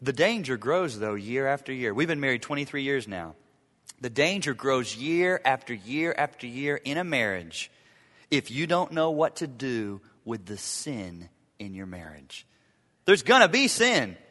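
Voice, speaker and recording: A man's voice: mid-range voice, big pitch swings, a little slow, fairly bright tone. A man in his forties preaching a sermon, emphatic and repeating his key phrases for the congregation. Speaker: pastor. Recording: echoey hall reverb.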